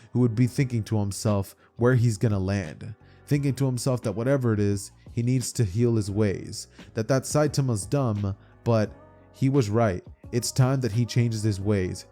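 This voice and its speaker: A man's voice: fairly low pitch, dark tone. A young man narrating a story in a casual, chatty way as storyteller.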